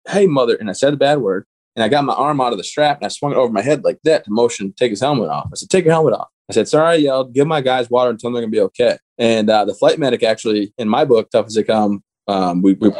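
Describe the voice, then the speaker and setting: Fast-talking man telling his war story. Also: fairly low pitch, a little mellow. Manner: blunt, matter-of-fact retelling of his wounding. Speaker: guest. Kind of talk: personal storytelling in an interview.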